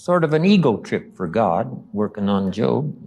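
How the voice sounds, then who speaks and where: A man giving a motivational seminar lecture. He tells stories, acts out quoted lines, and slows down and drops low for emphasis. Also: very animated, dark tone, slightly rough. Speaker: motivational speaker.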